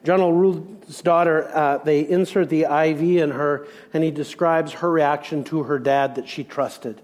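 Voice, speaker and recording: A man's voice: on the high side, steady tone, measured pace. Emphatic middle-aged male preacher. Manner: emphatic preaching with rhetorical questions, dropping soft for reflection. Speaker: pastor. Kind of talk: sermon.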